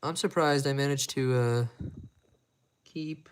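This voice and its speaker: A man's voice: mid-range voice, steady tone, slow pace, a little hiss or hum. A man chatting casually on a live stream while he repairs watches at his bench, rambling and making crude, self-mocking jokes.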